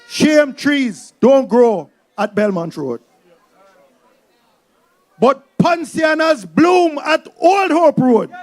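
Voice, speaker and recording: A man's voice: extremely high pitch, lively intonation, extremely slow, pauses often, a little mellow. A Jamaican man giving a fiery campaign rally speech, repeating his slogan and calling out to the crowd. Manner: fiery, repeating "time come". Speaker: political speaker. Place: outdoor political rally with music.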